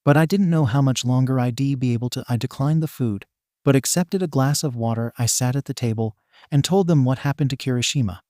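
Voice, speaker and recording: Male narrator, first-person fan fiction read, dark mellow tone, dry close sound, even delivery. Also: mid-range voice, fairly quick, no room sound.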